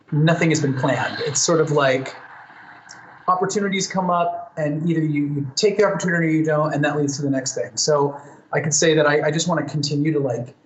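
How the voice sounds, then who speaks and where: Chatty man in an echoey room. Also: a little high. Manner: chatty, thoughtful, with many fillers and restarts. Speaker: singer answering fan questions. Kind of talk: casual live Q&A. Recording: roomy echo, faint ambience.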